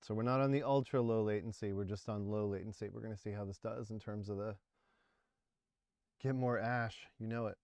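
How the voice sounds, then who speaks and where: A man's voice: lowish voice, steady tone, fairly quick, a little mellow, smooth, dry recording. A man in his forties hosting a casual livestream, rambling and laughing as he talks about music. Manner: rambling, chatty, laughs often. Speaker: livestream host.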